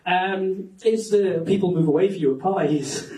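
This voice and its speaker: A man's voice: high voice, normal speed, a little mellow, far from the mic. A Scottish man doing a stand-up set on a comedy club stage, rambling, self-mocking and sweary. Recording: roomy club sound from off-mic.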